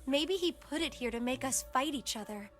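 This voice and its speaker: A woman's voice: sits high, lively intonation, moderate pace, fairly bright tone, soft background music. An actress playing a wary young female game character who speaks in a thoughtful, suspicious way, in video game voice acting.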